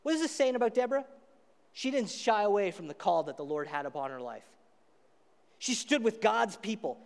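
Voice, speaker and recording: High-voiced man preaching in echoey hall. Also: fairly quick, creaky. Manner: casual, animated storytelling preacher. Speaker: pastor. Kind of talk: sermon.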